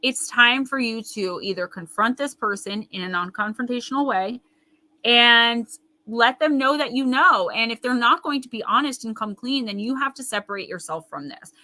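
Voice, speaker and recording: A woman hosts a live intuitive card reading with a bright, slightly high voice. She talks to her viewers in an emphatic, chatty way. She often breaks off to answer their comments. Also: moderate pace, rough recording. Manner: reads viewer comments aloud and riffs on them. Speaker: intuitive tarot reader, host.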